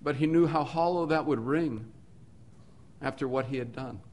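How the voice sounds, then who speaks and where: A man's voice: medium pitch, normal speed. Earnest man preaching a sermon. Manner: earnest, rhetorical repetition, swings between soft and emphatic.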